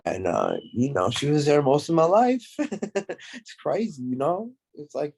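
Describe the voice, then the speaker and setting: A man's voice: on the high side, wildly swooping pitch, unhurried, creaky, darkish tone. A man as a podcast guest in casual chat, speaking from the heart and rambling with many fillers.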